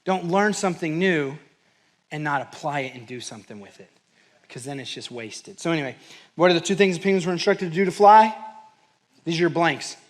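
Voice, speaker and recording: A mental performance coach and pastor from New Mexico leads a workshop before a live audience in a church hall. His voice is fairly high and fairly quick, and he tells an energetic story, imitating the voices of the people in it.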